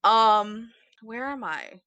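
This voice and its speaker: Woman podcast co-host, bright and dry-sounding, rambly and giggly. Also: fairly high pitch, expressive, very slow, dry recording, muffled recording. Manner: rambling, giggly, many fillers. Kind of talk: casual chat about books.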